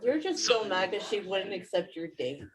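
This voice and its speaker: Lively, joking woman player. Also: medium pitch, normal speed, a crowd in the background, rough recording. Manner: playful, joking. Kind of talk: casual game chat.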